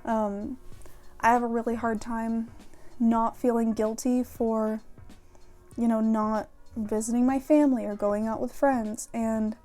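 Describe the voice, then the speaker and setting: A woman's voice: fairly high pitch, flat delivery, unhurried, warm tone, soft background music. A young woman vlogging frankly and casually, with plenty of fillers and casual swearing. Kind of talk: candid talk to camera about mental health.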